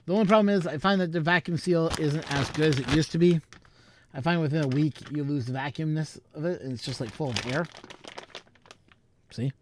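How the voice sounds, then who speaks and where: A man's voice: on the high side, fairly quick, background noise. Rambling, chuckling male vlog host. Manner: rambling, chuckling, thinking aloud. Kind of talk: casual chat.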